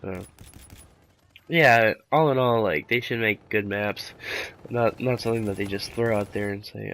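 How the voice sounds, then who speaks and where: A man's voice: fairly low pitch, measured pace, a bit bright. A man doing casual commentary over his gameplay while sick, rambling laid-back with lots of fillers. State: sick, rough voice. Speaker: gaming commentator.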